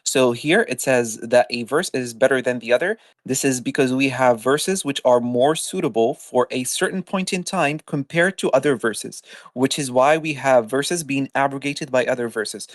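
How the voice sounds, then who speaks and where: A man calling into a live religious debate, quick and defensive, repeatedly asking for a turn to respond. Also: medium pitch, dry recording. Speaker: caller.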